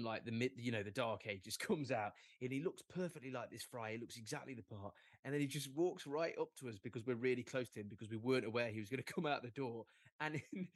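A man's voice: mid-range voice, no room sound. A man co-hosting a casual football podcast, playful and laughing often as he tells stories and reads listener questions. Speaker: podcast co-host.

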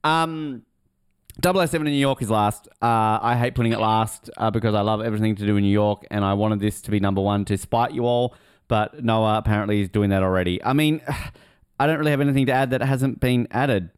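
A man's voice: fairly low pitch, fairly quick, smooth, no room sound, studio quality. A man co-hosting a podcast in casual chat, rambling and interrupting himself, laughing often. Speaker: podcast co-host.

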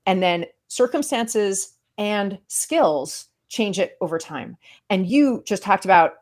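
A woman in an interview who sums up what her guest said and explains ideas in a measured way. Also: medium pitch, animated.

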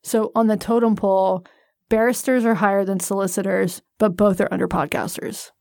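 A woman co-hosting a podcast with a gravelly, fry-edged voice at a middle pitch. She tells the story in a dry, wisecracking way. The sound is close and dry, with no room around it. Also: steady tone, normal speed, a little mellow, no room sound. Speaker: podcast co-host. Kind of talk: casual podcast chat.

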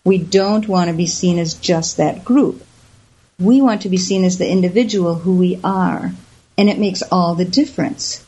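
A woman guest telling stories in an interview, lively, and she acts out the voices of the people she quotes. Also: fairly low pitch, normal speed, slightly rough. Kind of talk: storytelling in an interview. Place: lives in the Southwest US. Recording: slightly dull lo-fi audio.

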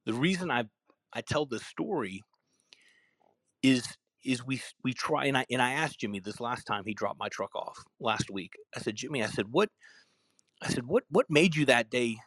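Recorded dry, a man with an expressive, slightly bright mid-range voice speaks at normal speed. He recounts a casual customer-service anecdote, playing both parties on the phone, full of restarts and repeated words.

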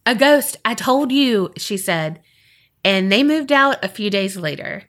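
A woman co-hosting a podcast, chatting casually and reading a listener's story aloud with expressive delivery. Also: mid-range voice, unhurried. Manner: animated, expressive storytelling with lively reactions. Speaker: podcast co-host.

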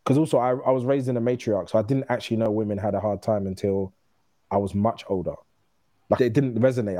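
A man's voice: on the low side, steady tone, warm tone, no room sound. A man in his thirties, a guest telling candid personal stories in casual conversation, often restarting his phrases. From United Kingdom. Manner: candid, storytelling, quick restarts.

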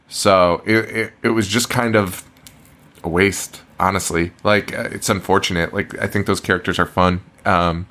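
A man's voice: on the low side, a bit bright. A young man co-hosting a horror movie podcast, chatting casually, swearing a lot and laughing as he acts out lines from the film. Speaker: podcast co-host. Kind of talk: casual chat.

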